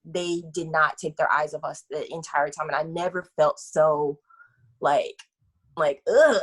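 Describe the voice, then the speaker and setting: A woman's voice: deep voice, unhurried. A woman guest on a podcast telling personal stories candidly in casual slang, acting out what people said. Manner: candid, animated storyteller, acts out quotes, casual slang.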